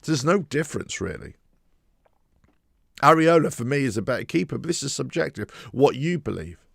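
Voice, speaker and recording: Male fan host, very gravelly, dry close sound, emphatic opinionated monologue. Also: mid-range voice, very animated, moderate pace, no room sound. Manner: emphatic, repetitive, frustrated. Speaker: football fan channel host. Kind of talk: opinionated solo commentary.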